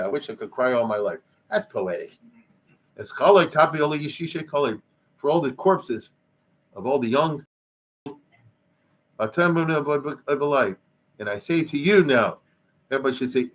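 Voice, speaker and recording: Man, rabbi, informal history lecture in a synagogue hall, conversational, Hebrew and Yiddish terms. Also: medium pitch.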